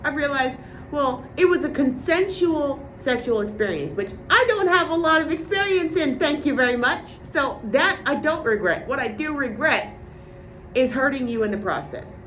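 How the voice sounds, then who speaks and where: A profane, sarcastic woman vents in a casual vlog monologue, her voice sitting a little high and swinging widely as she rants. There is faint noise behind her. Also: expressive, normal speed, a bit bright. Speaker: vlogger.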